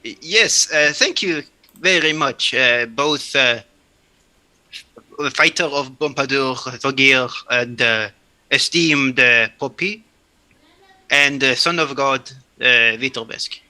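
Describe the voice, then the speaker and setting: A man's voice: mid-range voice, sharp tone. A man playing a grung frog sorcerer who stumbles through his words and clings to formal titles. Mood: flustered. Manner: halting, full of filler words and stumbles. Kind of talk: tabletop role-play in character.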